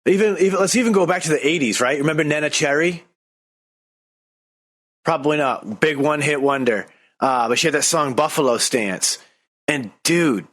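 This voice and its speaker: A man's voice: a little high, a bit bright. A man co-hosting a podcast in casual chat, enthusiastic and drifting into side stories. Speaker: podcast co-host.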